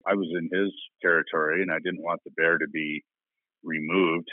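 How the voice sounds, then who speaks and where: A man's voice: low voice, steady tone, moderate pace, no echo. A man telling his own story in a plainspoken, casual way, laughing now and then. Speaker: interview guest. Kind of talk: casual recounting. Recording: dry phone-like line.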